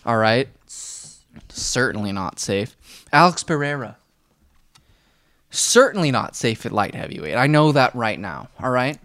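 A young man co-hosting a casual sports podcast, rambling and animated, talking straight at the fighters he discusses. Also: medium pitch, unhurried, pauses often, no room sound, clean studio sound. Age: young adult. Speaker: podcast co-host.

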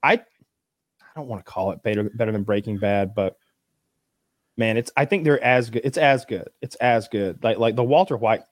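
A man's voice: lowish voice, moderate pace, dry recording, clean studio sound. A man chatting casually as a podcast co-host, rambling with lots of fillers and some swearing. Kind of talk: casual chat.

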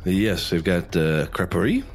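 A man's voice: sits low, big pitch swings, unhurried, creaky, faint music behind. A man acting as game master for a tabletop role-playing game, improvising in an easygoing, playful way.

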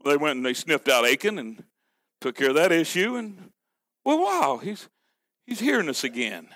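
A man preaching a sermon, emphatic and full of rhetorical questions, sometimes sinking low and quiet to drive a point home. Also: very animated, moderate pace.

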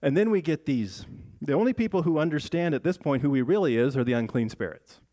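This pastor's voice is on the high side and warm, with lively intonation and a slightly fast pace. He delivers a chatty, conversational sermon in church, talking the text over with his congregation, questioning them, and frequently restarting sentences.

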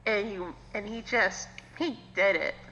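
A woman's voice: mid-range voice, unhurried, pushed and bright. A woman chatting as a podcast guest, sassy and teasing, swearing freely, on a lo-fi recording with reverb. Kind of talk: casual chat. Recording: lo-fi with hall reverb, faint hum.

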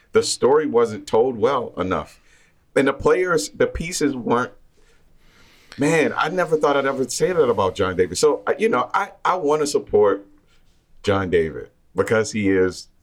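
A man co-hosting a casual film review chat, talking in a halting, thoughtful way with many restarts. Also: mid-range voice, very animated. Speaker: film podcast co-host.

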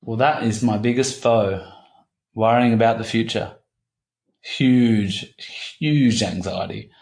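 A man in his thirties talking candidly as an interview guest, halting and repeating himself, swearing casually. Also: fairly low pitch, vocal fry, darkish tone. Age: 30s. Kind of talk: candid personal conversation.

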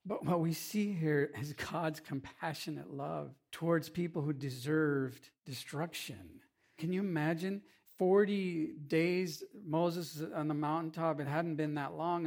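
A man pastor giving a conversational sermon, animated and humorous, with asides to the congregation. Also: fairly high pitch, creaky.

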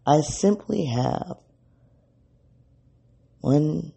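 A man's voice: a little high, animated, drawn-out words, creaky, mellow, breathy edge. A man hosting an unscripted solo podcast in his early-morning voice, rambling and correcting himself as he thinks aloud. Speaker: podcast host.

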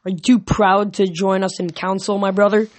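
A man voicing a proud, grumbling king of the gods who speaks loudly. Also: sits high, little pitch movement, moderate pace, lightly acted. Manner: loud and grumbling.

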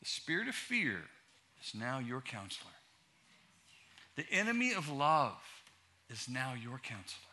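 A man's voice: mid-range voice, very animated, unhurried, long pauses, bright, forceful tone. A middle-aged man preaching a sermon as pastor, building his points through emphatic, rhythmic repetition.

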